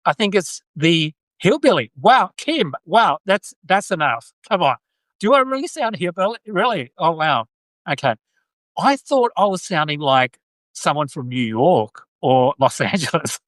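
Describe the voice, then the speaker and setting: A man's voice: on the high side, very animated, a little slow, fairly bright tone, no echo. An Australian man hosting a casual live stream, chatty and joking, with many restarts. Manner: joking, chatty, many restarts, reads viewer comments aloud. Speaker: podcast host.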